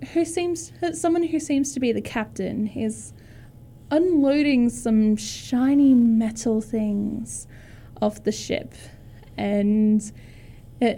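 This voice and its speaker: A woman game master narrating a tabletop game in a relaxed, loose way with fillers. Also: fairly high pitch.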